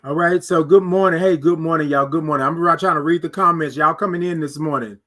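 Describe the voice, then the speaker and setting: A middle-aged man hosts a casual morning livestream, reading viewer comments aloud and stretching out his greetings with preacher-like repetition. His voice is a little high and fairly bright, and he speaks a little fast.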